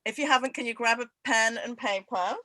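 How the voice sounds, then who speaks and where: A woman hosting an online quiz over a video call, laughing often and reading each question twice, slowly. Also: fairly high pitch, sharp tone, dry recording, low-quality recording. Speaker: event host running a quiz. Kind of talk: casual online event chat.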